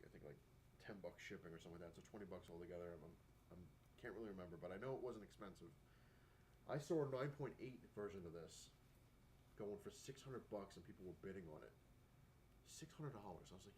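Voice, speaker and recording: Rambling, chatty collector with a lowish voice. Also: male voice, a little hiss or hum. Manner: rambling, chatty, full of fillers and acted-out quotes. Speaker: comic book collector. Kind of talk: casual talking-to-camera vlog.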